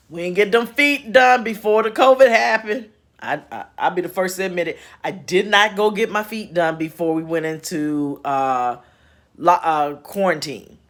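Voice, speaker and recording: A woman hosting a casual spiritual chat from home, folksy and chatty with laughing asides. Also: lowish voice. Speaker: host. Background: home repair noise.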